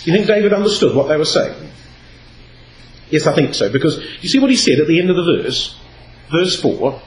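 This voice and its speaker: Lively expressive man preaching. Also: on the high side, brisk. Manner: expressive, reads scripture aloud with varied emphasis. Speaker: Bible speaker. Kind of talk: Bible exposition talk. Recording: echoey hall with faint noise.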